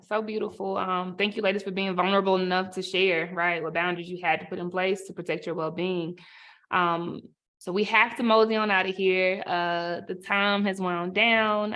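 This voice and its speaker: A woman moderating a panel discussion, gently thanking the panel and closing the session. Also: lowish voice.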